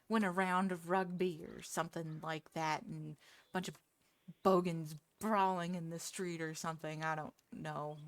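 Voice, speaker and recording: A woman's voice: fairly low pitch, fairly even intonation, unhurried, dry recording. A woman streamer chatting casually with her viewers, self-deprecating and laughing often. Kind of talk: casual live-stream chat.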